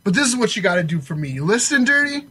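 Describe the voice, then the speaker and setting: A pushy, fervent sports agent, as a man puts him on for a comedy podcast bit. The voice is very high, bright and husky, and it swings widely in pitch. He preaches and yells his catchphrase at his partner. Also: very animated, rapid-fire, exaggerated voice. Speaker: podcast co-host.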